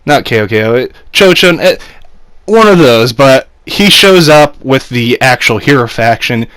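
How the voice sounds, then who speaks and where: A man's voice: medium pitch, lively intonation, a little slow, fairly bright tone, no echo. A young man casually reviewing an anime episode, rambling with fillers and frequent laughs.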